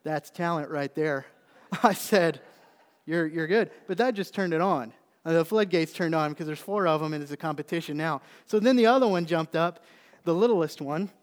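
A middle-aged man, a pastor preaching a sermon, telling a story and then building into animated emphasis. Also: a little high. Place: church sanctuary. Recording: long reverb of a church hall.

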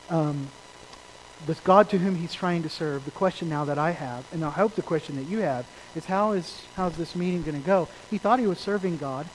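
A man preaching a sermon to a congregation at a church service. He is emphatic, swings between loud and quiet, and puts questions to the listeners. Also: fairly high pitch, slight background noise, low-quality recording.

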